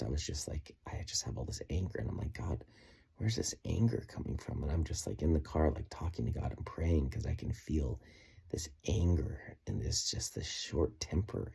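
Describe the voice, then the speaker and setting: A man's voice: a bass voice, gravelly, dark tone, husky. A man recording a personal video diary, telling an earnest, reflective story with plenty of fillers. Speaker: vlogger.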